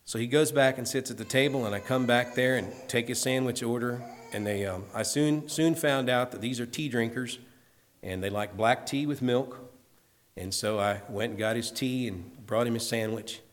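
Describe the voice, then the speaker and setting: A man preaching in an earnest, conversational way, telling a personal story and slowing down to stress a point. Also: mid-range voice. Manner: earnest, conversational, slows for emphasis. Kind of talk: sermon storytelling.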